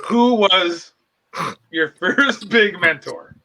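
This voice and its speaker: A man's voice: high-pitched, lively intonation, extremely slow, noisy background, full character voice. A man in an improv comedy show playing a pompous self-help guru who hosts and rambles in mock-profound phrases.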